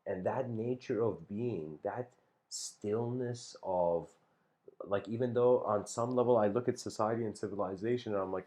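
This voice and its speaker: Speaking at a moderate pace in a fairly low, dark-toned voice, a man gives a talk. His storytelling is laid-back and rambling, packed with fillers and restarts, with chuckles between phrases as he casually narrates and reflects.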